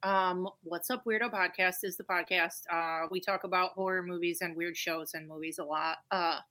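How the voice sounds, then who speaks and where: A woman guest on a podcast with a bright, sharp tone. She chats casually and bluntly, and swears without a second thought. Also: on the low side, steady tone, normal speed. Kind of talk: casual chat.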